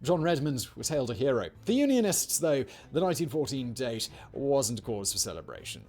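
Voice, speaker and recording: A man's voice: medium pitch, very animated, fairly quick, darkish tone. Wry male history narrator. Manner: wry, jokey asides. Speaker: documentary narrator.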